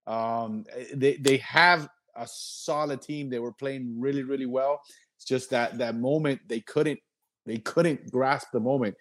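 A man chatting about soccer on a podcast, speaking in measured phrases that he often repeats. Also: mid-range voice, steady tone, fairly bright tone. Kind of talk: casual sports chat.

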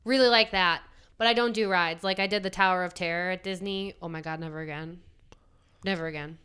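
A woman's voice: fairly low pitch, steady tone, a little fast, a bit bright, clean tone. A young woman, blunt and wry in a casual chat.

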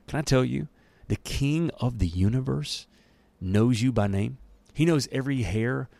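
A man's voice: medium pitch, dry recording. A man leading a daily Bible-reading devotional in an enthusiastic, conversational way, with casual asides and laughs. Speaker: Bible teacher.

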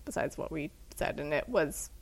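A woman co-hosting a podcast, chatting in an animated, laughing way. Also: deep voice, normal speed, husky. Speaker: podcast co-host. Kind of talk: casual chat.

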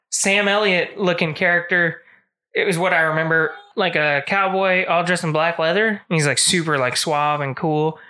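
A podcast co-host walks through a film's story in loose, rambling chat, scattered with fillers and short character voices. The tone is bright and clear. The pitch sits at a middle level. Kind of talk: casual chat, retelling a movie plot.

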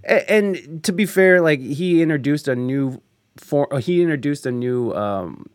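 A man's voice: a little high, expressive, a little slow, no echo. Guy musician hosting a chat, swears a lot, laughs easy, dry close sound. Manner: candid, profane, laughs often. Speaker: keyboard player. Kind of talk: casual chat.

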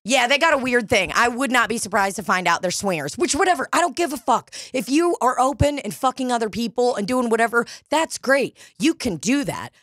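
A woman's voice: on the high side, a little fast, hardly any pauses, dry recording, studio quality. A woman co-hosting a podcast, telling a bar story with lots of swearing and acting out the people she quotes. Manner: profane, animated, acts out quoted voices. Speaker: podcast co-host. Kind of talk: casual storytelling chat. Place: dining room studio.

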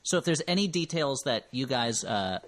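A man's voice: mid-range voice, lively intonation, moderate pace. A male podcast host recaps a film in easy, casual chat. His asides are dry and wry. He rambles a bit and corrects himself mid-sentence. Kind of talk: casual comedic movie recap.

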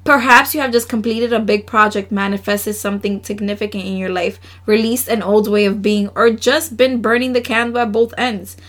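Female podcast host, mid-pitched, chatty and emotional, laughs between card readings. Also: steady tone, moderate pace, hardly any pauses. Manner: chatty, laughs often, slangy asides; earnest, emotional. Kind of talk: casual solo podcast, reading oracle cards.

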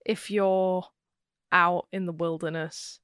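A woman's voice: on the low side, level tone, takes it slowly, fairly bright tone, clear, resonant tone, no echo, clean studio sound. A woman co-hosting a podcast in casual chat, talking with lots of "like" and quoted asides. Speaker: podcast co-host.

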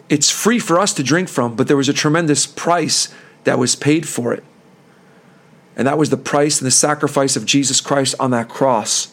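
A man hosting a preaching podcast, fervent and earnest, who voices pleading prayers. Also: a little high.

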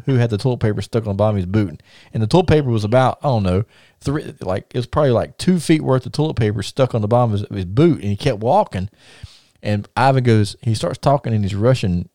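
A podcast host and wrestling promoter tells stories casually and ramblingly, repeating words and laughing at his own tales. His voice is on the low side and mellow, captured in a dry, clean studio recording.

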